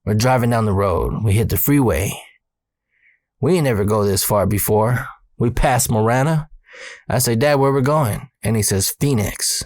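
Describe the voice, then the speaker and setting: A man's voice: on the low side, normal speed, pauses often, dry recording. A man in his thirties from Arizona telling a personal story in a casual, profane, slangy way. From Arizona, USA. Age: 30s. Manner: profane, streetwise slang, animated when excited. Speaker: storyteller host.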